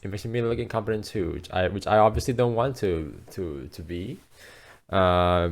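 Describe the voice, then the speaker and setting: A man's voice: deep voice, vocal fry. A man hosting a casual movie podcast, rambling with lots of fillers and restarts. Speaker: podcast host. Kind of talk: casual chat.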